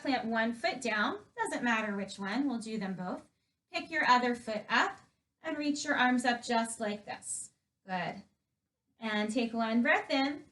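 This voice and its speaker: A woman guiding children through a yoga lesson, giving clear, encouraging step-by-step cues. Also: fairly high pitch, sharp tone, distant mic. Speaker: kids yoga instructor.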